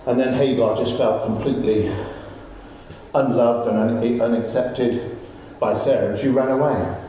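Preacher in an echoey hall. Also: male voice, mid-range voice, moderate pace. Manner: animated storytelling, rising to loud exclamations. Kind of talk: sermon. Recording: distant, roomy, dull recording with faint noise.

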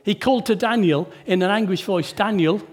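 A man preaching a sermon in church, asking the congregation rhetorical tag questions and shifting between hushed and emphatic delivery. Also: sits high, brisk.

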